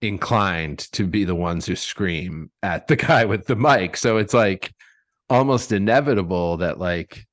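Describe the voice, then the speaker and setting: A man hosting a casual podcast chat, relaxed and laughing often as he tells anecdotes. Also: low-pitched, unhurried, dry recording, studio quality. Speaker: podcast host.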